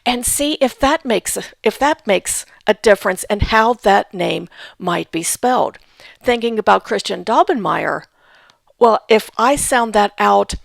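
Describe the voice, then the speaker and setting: A woman's voice: medium pitch, creaky, no room sound, clean studio sound. A woman giving a patient instructional talk on family history research, spelling out names letter by letter. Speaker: genealogy instructor.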